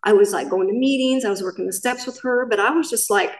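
A woman's voice: medium pitch, fast talker, echoey room, recorded from a distance, low-quality recording. A middle-aged woman from Southern California gives a personal recovery share as main speaker at a meeting, talking in a candid, rambling way and correcting herself as she goes.

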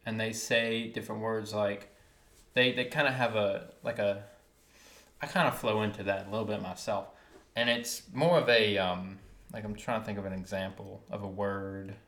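A man's voice: fairly low pitch, steady tone, moderate pace, a bit bright. A man with a Wilmington, North Carolina accent, co-hosting a casual podcast, rambling and searching for words. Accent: Wilmington North Carolina Southern. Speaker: podcast co-host. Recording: echoey room.

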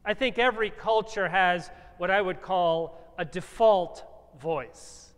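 Male pastor, high voice, dramatic first-person sermon, measured emphatic delivery, long church reverb. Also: a bit bright, clean tone. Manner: measured, emphatic, repetitive phrasing.

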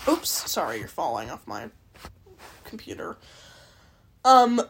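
A woman's voice: on the low side, big pitch swings, slow pace, vocal fry, a crowd in the background. A young woman hosting a podcast alone, chatting in a rambling, self-interrupting way and swearing freely. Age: young adult. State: dry-mouthed and out of breath. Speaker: podcast host. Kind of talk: casual solo chat.

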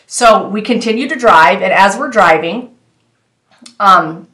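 A woman tells a personal testimony with earnest insistence, circling back to stress each point. Her voice sits at a middle pitch. The room around her gives a noticeable echo. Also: a little slow, pushed and bright. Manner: earnest, insistent, repeats herself for emphasis. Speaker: testimony speaker.

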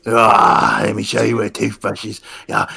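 A man putting on a lewd, mock old-fashioned British gentleman with an exaggerated fake British accent. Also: lowish voice, completely flat delivery, normal speed, creaky, a crowd in the background. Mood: leering.

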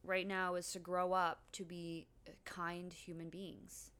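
A woman's voice: lowish voice, little pitch movement, a little slow, fairly bright tone, clean tone. A woman in her thirties co-hosting a casual podcast, agreeing often and chiming in. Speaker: podcast co-host. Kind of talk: casual chat.

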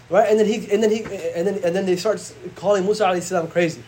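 A man, an imam, teaching a casual religious class, conversational and slangy, reciting Arabic verses quickly. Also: high-pitched, fairly even intonation, dark tone, a little hiss or hum.

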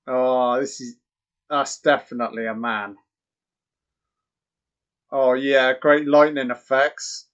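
A man giving crude, excitable, mocking live commentary on a horror film. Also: medium pitch, slow pace, long pauses. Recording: dull lo-fi audio.

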